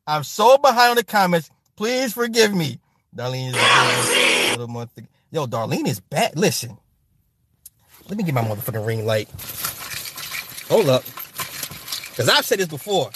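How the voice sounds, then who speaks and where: Heavy background noise surrounds a fairly high-pitched man who speaks at a moderate pace and pauses often. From his ring-lit home streaming setup he hosts a casual livestream, reading comments aloud, cursing freely, laughing often and speaking directly and animatedly to the chat.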